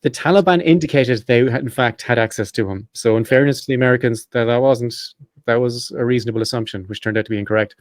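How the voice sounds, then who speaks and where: Man, podcast host, rapid scripted delivery, dry close sound. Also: medium pitch, dry recording. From Ireland. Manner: quick, chatty, self-correcting. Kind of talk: reading a prepared script with casual asides.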